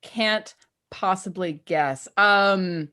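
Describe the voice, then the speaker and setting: A woman's voice: medium pitch, extremely slow, sharp tone. Blunt, stumbling woman player. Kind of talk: casual tabletop game chat.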